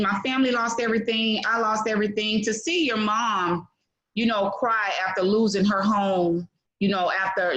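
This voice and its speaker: A middle-aged woman speaks on an online call, pouring out a heartfelt testimonial. She sounds preachy and keeps filling her talk with fillers, her pitch sitting right in the middle. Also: a bit bright, lo-fi sound. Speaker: webinar participant giving a testimonial. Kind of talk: emotional testimonial.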